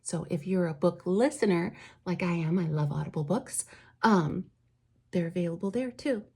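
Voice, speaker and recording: A woman's voice: lowish voice, normal speed, creaky, a little mellow, breathy edge. Woman, vlogger, author, casual chat, rambling, enthusiastic, fillers. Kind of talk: casual get-ready-with-me chat.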